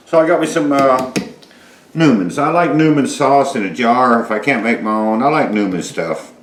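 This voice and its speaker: A middle-aged man talks his way through a home recipe in a loose, rambling drawl, dropping curse words and plenty of uhs along the way. His voice sits at an ordinary pitch. The kitchen gives everything a roomy, echoey ring. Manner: folksy, rambling, cussing storyteller with lots of uhs. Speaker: home cooking show host. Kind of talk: casual cooking vlog chat.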